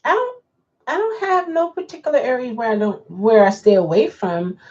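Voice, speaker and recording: A woman's voice: on the high side, lively intonation, normal speed, a little mellow. A woman, a rideshare driver chatting casually with viewers, rambling and restarting her sentences. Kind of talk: casual live chat, answering viewers. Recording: dull lo-fi sound.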